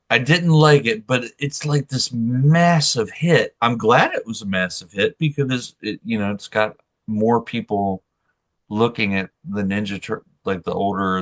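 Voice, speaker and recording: Male co-host, low voice, frank and opinionated. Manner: blunt, opinionated. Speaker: podcast co-host. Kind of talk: casual chat.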